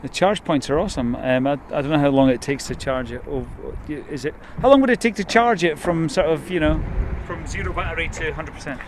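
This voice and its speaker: A man's voice: fairly high pitch, fairly quick, a little hiss or hum. A man, a radio presenter chatting enthusiastically and laughing a lot at an outdoor motor event. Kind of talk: excited casual chat.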